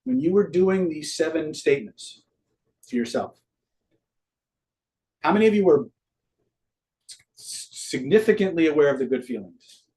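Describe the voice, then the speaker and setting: A man's voice: a little high, animated, measured pace, long pauses, dark tone. A middle-aged man teaching a live online master class in a casual way, swearing freely and quizzing his audience.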